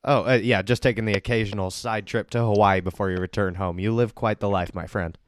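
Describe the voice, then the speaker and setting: A man's voice: lowish voice, steady tone, a little fast, a little hiss or hum. A man hosting a casual podcast, joking and teasing his guests and laughing often. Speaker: podcast host and league commissioner.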